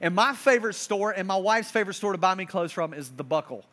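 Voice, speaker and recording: Young male preacher, high bright voice, animated storytelling sermon. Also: fast talker. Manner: animated storyteller, swings between loud and hushed. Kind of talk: sermon with personal stories.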